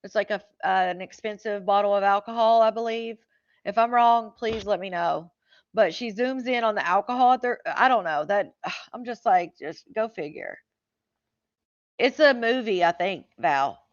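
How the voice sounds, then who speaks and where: A woman's voice: medium pitch, normal speed, no echo. A woman giving casual, indignant reaction commentary, rambling with frequent fillers. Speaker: true-crime commentator. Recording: dull lo-fi dry audio.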